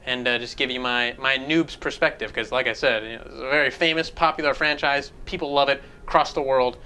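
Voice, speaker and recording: A man's voice: medium pitch, fairly even intonation, a little fast, sharp tone, slight background noise. Male game reviewer, casual and profane, rambling delivery. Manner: rambling, profane, jumps between points.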